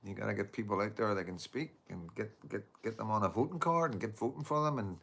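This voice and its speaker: Deep-voiced man, casual rambling livestream host. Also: fast talker, vocal fry, a bit bright, slightly rough. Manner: rambling, repeats "you know what I mean".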